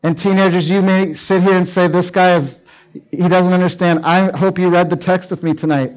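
A middle-aged man, a pastor from Canada, tells teenagers a story during a sermon and urgently acts out the dialogue. His high voice has fairly even intonation at a moderate pace, and the recording is rough.

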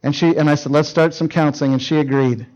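A man's voice: a little high, fairly even intonation, fast talker, darkish tone, highs cut off. A middle-aged male pastor preaching to teenagers, telling a story and acting out the dialogue with urgency. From Canada. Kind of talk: sermon to teenagers.

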